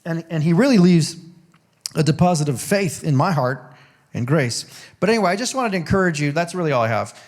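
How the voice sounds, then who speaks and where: Male senior pastor, slightly high voice, relaxed joking sermon delivery in a church. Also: a little fast. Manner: conversational, jokey, laughs often. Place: church sanctuary.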